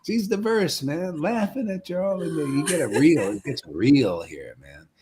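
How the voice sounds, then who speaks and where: A man leading an informal spiritual discussion on a live stream, preaching emphatically, tacking "man" onto his lines and swinging between mocking and excited. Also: fairly high pitch, moderate pace, crowd noise.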